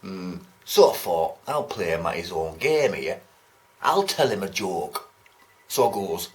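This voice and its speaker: A man's voice: low voice, animated, normal speed. A British man telling an exasperated, sweary and sarcastic story about a bus ride. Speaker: vlogger. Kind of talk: ranting anecdote.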